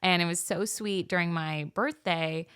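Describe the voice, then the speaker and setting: A young woman co-hosting a casual podcast chat, effusive and quick to act out what friends said. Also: on the low side, fairly even intonation, a bit bright, clear, resonant tone. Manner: effusive, acts out quoted friends in a raised voice. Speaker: podcast co-host.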